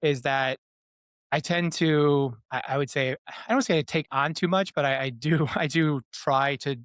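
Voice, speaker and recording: A man's voice: fairly high pitch, fairly even intonation, a bit bright, dry recording, clean studio sound. A man in his thirties, a podcast guest, talking casually and often restarting his sentences. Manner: halting, many restarts. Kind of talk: casual conversation.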